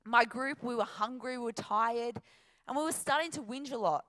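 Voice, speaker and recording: A woman's voice: a little high, normal speed, sharp tone. An Australian woman giving an emphatic, upbeat motivational talk from a stage before an audience. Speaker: motivational speaker.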